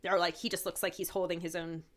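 A woman's voice: fairly low pitch, fast talker, crowd noise. A woman co-hosting a podcast, casually retelling a TV episode with lots of "like" and acted-out quotes. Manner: animated retelling, many "like"s, acting out quoted lines. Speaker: podcast co-host. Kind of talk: casual chat recapping a TV episode.

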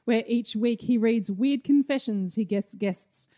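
A woman's voice: fairly high pitch, a little slow, mellow. A woman hosting a live comedy debate, introducing speakers in an upbeat, announcing manner. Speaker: host.

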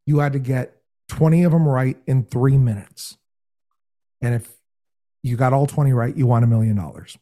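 A man telling a story in casual podcast talk, animated and full of imitated voices. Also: medium pitch, moderate pace, pauses often. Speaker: podcast guest, game show host.

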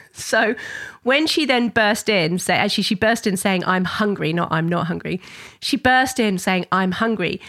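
A middle-aged woman talks parents through everyday situations at an easy conversational pace. Her voice sits at a medium pitch, and she explains things plainly and in a personal way, like a parenting educator speaking to camera. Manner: warm conversational explaining, acts out child voices in high pitch. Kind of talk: talking-head parenting advice.

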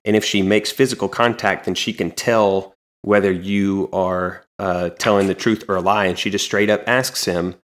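A man co-hosting a podcast, casually recapping a comic in a relaxed, meandering way with frequent ums. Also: deep voice, moderate pace, hardly any pauses. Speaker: podcast co-host.

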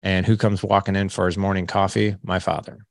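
A man in his late forties shares his life story as a podcast guest. His voice is deep with a gravelly edge, and he acts out the conversations as he goes. The sound is close and dry. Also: brisk, no echo. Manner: candid, animated storyteller who acts out dialogue. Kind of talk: storytelling in an interview.

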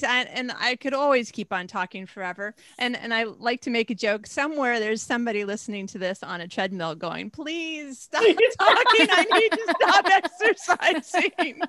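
A woman, an author, telling stories in a casual chat, animated and laughing often. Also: mid-range voice, clean tone, dry recording. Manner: animated storyteller, laughs often, acts out her own thoughts. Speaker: romance author guest. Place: home, lives in Sweden.

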